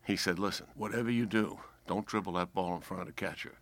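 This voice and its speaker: An older man with a slight New York accent, a four-star general telling a lively anecdote as a podcast guest and acting out the voices of people in the story. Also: deep voice, fast, dry recording. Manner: lively storyteller who acts out quoted voices.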